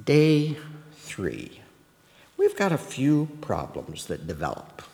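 Speaking slowly with a medium pitch and some vocal fry, a preacher delivers a sermon in a space with big-room acoustics. He addresses listeners directly, animatedly asking them questions and frequently starting sentences over.

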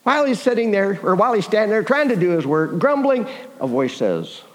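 High-voiced male preacher, animated sermon storytelling, long hall reverb. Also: fairly quick. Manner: animated, questions the audience often.

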